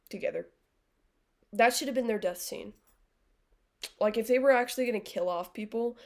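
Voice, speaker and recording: A young woman with a fairly high voice chats casually on a live stream. She is blunt and sarcastic, and she swears freely. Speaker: livestreamer. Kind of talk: casual chat with viewers.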